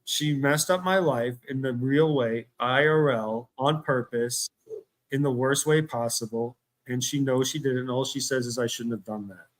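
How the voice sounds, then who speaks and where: A man's voice: mid-range voice, moderate pace, low-quality recording. A man on a livestream, ranting angrily and bitterly, repeating himself as he talks. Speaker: streamer. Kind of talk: angry livestream rant.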